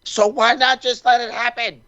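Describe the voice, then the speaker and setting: Bright-voiced swearing wrestling podcast man. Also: very high voice, moderate pace, no echo, muffled recording. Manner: rambling, profane, animated storytelling with quoted asides. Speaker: podcast co-host. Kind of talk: casual wrestling chat.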